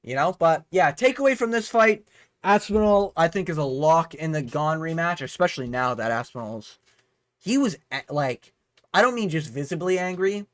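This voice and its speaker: A man's voice: fairly high pitch, lively intonation, normal speed, dry recording. Heated, profane man ranting. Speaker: host. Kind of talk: casual fight breakdown vlog.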